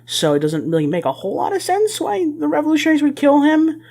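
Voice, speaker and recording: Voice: high-pitched, wildly swooping pitch, fast talker, vocal fry, a little mellow. A co-host in a casual review chat, talking hesitantly with fillers and restarts. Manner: hesitant, many fillers and restarts, mock-dramatic when quoting. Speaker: podcast co-host.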